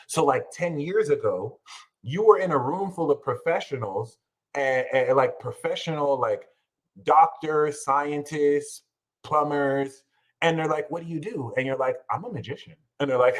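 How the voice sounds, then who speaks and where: An American man hosting an astrology livestream, talking in an emphatic, slangy way and breaking into loud, heated rants. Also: on the high side, normal speed, rough recording. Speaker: astrologer and channel host. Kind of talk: animated livestream astrology talk.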